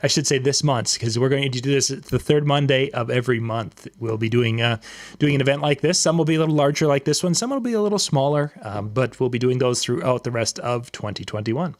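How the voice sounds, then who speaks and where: A man's voice: medium pitch, lively intonation, brisk. Man, show host, casual chat, brief affirming replies, plain speaking.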